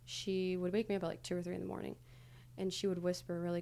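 A woman's voice: lowish voice, level tone, fast talker, creaky, warm tone. A young adult woman, a podcast guest, recounting her past candidly in a casual, hesitant way with many fillers. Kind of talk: casual conversational interview.

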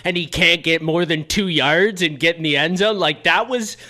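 Young dude on a football pod, bright edgy voice, very opinionated. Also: male voice, on the high side, normal speed. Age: young adult. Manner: opinionated, blunt analysis. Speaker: sports podcast co-host. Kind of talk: casual sports chat.

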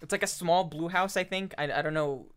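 Chatty man with a slightly high voice. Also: fairly quick, fairly bright tone, clean tone. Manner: chatty, many fillers, laughs easily. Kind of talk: casual chat.

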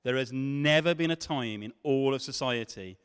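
Preacher in an echoing hall. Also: male voice, medium pitch, moderate pace, clean tone. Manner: dramatic, swinging from loud questions to hushed tones. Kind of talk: sermon. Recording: long hall reverb.

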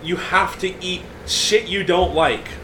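A man's voice: sits high, measured pace, noisy background. A young man in casual chat who teases his friends and laughs often.

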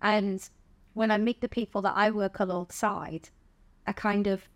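A middle-aged Englishwoman with a southern accent speaks at a medium pitch, her intonation fairly even and her pace unhurried. She's a stand-up comedian appearing as a guest on a podcast, chatting candidly in an interview-style conversation, swearing casually and laughing a lot.

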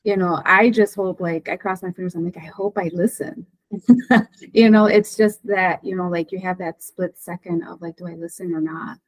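A woman's voice: lowish voice, steady tone, normal speed, no echo, poor audio. Chatty woman podcast host. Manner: chatty, conversational. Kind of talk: casual interview chat.

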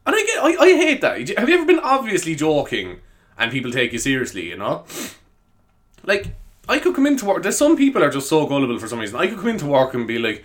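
A man's voice: mid-range voice, big pitch swings, brisk, fairly bright tone. Rambling guy laughing at himself. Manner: rambling, self-mocking, laughs at his own jokes. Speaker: podcast host. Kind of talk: casual solo podcast chat.

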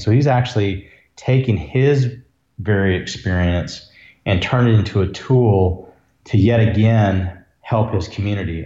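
Man, low voice, earnest reflective storyteller; roomy, dull lo-fi recording. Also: warm tone. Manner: earnest, reflective, emotional at times. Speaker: ER physician, podcast guest. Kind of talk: conversational storytelling.

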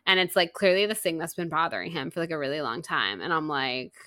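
A woman co-hosting a podcast, chatting casually about a book, retelling scenes with quoted lines and quick laughs. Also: low-pitched, pushed and bright, dry recording, studio quality. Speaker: podcast co-host. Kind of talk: casual book-club chat.

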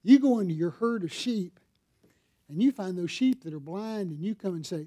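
Preaching in a church sanctuary, a middle-aged male pastor speaks in a high, dark-toned voice at a moderate pace. His sermon is conversational: he chats casually with the congregation, asks them questions, and uses props.

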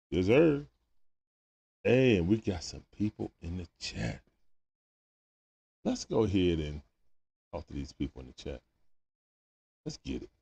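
A man's voice: low voice, darkish tone, breathy edge. A man hosting a live sports watch party stream, talking casually with viewers through a sore throat and greeting them one by one with laid-back slang.

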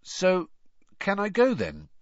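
A man's voice: high voice, wildly swooping pitch, slow, dry recording, voice pushed up, exaggerated voice. A man voicing a thirteen-year-old boy wizard who answers curtly and coolly defiant. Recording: dry, slightly dull recording.

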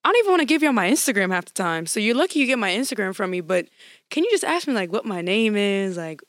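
A young woman with a Louisiana accent speaks as a podcast guest, frank and animated, with easy laughter. Her voice sits at a middle pitch. The sound is dry and close. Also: fast talker, no room sound. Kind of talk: casual chat.

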